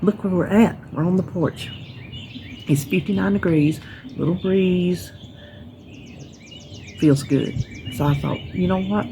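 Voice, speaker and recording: A woman's voice: on the low side, slow pace, vocal fry, long pauses, dark tone, slight background noise. A woman with a Southern US accent chatting casually on a porch, a rambling folksy storyteller. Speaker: vlogger. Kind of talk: casual chat vlog. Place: outdoors on a porch with birds around.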